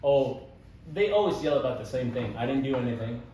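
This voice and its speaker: A young man telling stories in casual conversation, animated and laughing as he goes, with many fillers like "like" and "dude.". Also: mid-range voice, a little fast, background noise. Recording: echoey room, voice from some distance.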